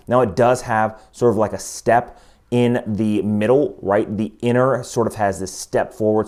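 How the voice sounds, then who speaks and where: Low-voiced man chatting through a review. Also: a little mellow. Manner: chatty, enthusiastic, explains step by step. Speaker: watch reviewer. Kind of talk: casual product review.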